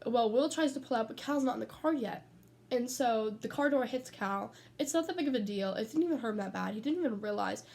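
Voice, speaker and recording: A woman's voice: on the high side, animated, brisk, vocal fry, darkish tone. A teenage girl rambling casually, telling stories and swearing freely, speaking from her bedroom. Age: teens. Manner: chatty, sidetracked, swears freely. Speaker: vlogger. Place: bedroom at home.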